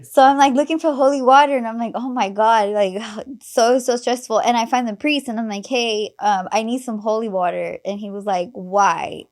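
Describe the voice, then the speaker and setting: A young woman with a slightly raised pitch hosts a casual podcast chat. She tells stories in an animated, filler-heavy way, laughs often and drops in casual swearing. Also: fairly quick, few pauses. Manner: animated storytelling, laughs often, acts out quoted voices. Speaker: podcast host.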